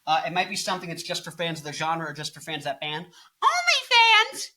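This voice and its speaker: A young man in his twenties talks through music commentary in a loose, rambling way, cracking jokes and drifting off topic. His voice is bright and forceful and sits a little high for a man. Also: fairly even intonation, rapid-fire. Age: 20s. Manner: jokey, rambling, goofs off into silly bits. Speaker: music video host.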